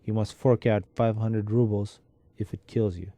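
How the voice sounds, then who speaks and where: A bitter, mocking middle-aged Russian clerk, worn down by illness, holds forth in a sardonic, lecturing drawl, as a man reads him out in a storybook telling. The voice is very dark and mellow, a little low, and sits close and dry with no room around it. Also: steady tone, normal speed, no echo, close to an everyday voice.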